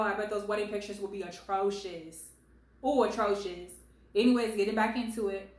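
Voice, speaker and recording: A woman reading online stories aloud at home and giving sassy, animated commentary, calling the poster baby and girl. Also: mid-range voice, normal speed, roomy sound, low-quality recording.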